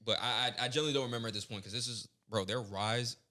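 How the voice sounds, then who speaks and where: A man's voice: medium pitch, rapid-fire, sharp tone. A young man co-hosting a podcast, ranting bluntly and profanely in casual chat. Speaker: podcast co-host.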